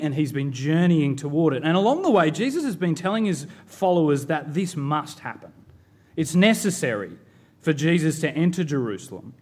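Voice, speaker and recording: A man in his thirties, a pastor, preaching a sermon in a measured, emphatic way with rhetorical questions. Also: fairly high pitch.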